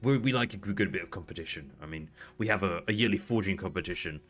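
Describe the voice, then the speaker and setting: A man voicing a traditional male Firbolg smith who speaks quietly, in a measured and politely firm way. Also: low voice, soft background music. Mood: stern calm.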